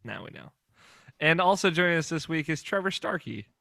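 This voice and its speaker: A man's voice: on the high side, animated, a little fast, vocal fry, pushed and bright. A young man hosting a podcast in casual, rambling chat, laughing often. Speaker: podcast host.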